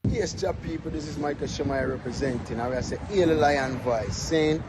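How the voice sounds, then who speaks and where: A man recording a rhythmic, chanted shout-out for the show. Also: on the high side, normal speed, very noisy. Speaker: guest shout-out.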